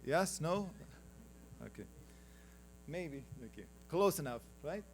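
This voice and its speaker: A man with an Afghan accent presents slides at a business conference. His voice sits a little high, and a faint electrical hum runs under his talk. He speaks conversationally and teases the room now and then. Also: big pitch swings, slow. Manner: conversational, teasing the audience, calls for next slides.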